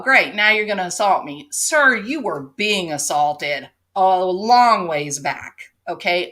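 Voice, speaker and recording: A woman's voice: mid-range voice, a bit bright. A woman hosting an opinion commentary, sarcastic and pointed, driving her case with rhetorical "right?" questions. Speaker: commentary show host.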